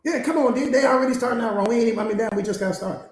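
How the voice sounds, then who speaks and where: Fast-talking emphatic male coach, echoey room. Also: extremely high pitch. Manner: emphatic, repetitive, rhetorical questions, slangy. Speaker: mindset coach. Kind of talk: live-streamed motivational master class.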